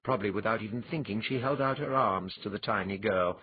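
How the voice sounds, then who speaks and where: A man narrating an audiobook in a measured storytelling manner. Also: on the low side, narrow, tinny audio, slight background noise. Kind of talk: scripted narration.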